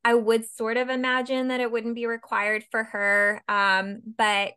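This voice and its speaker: A woman's voice: on the high side, little pitch movement, measured pace, pushed and bright, clean tone. A woman with an American accent co-hosting a podcast, casually sharing royal fun facts with listeners. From United States. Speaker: podcast co-host. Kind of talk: casual chat about royal news.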